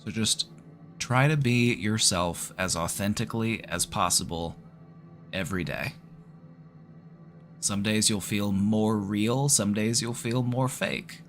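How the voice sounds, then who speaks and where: A man giving calm, reassuring, casual advice as the host of a live online therapy stream. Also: lowish voice, slow pace, faint music behind.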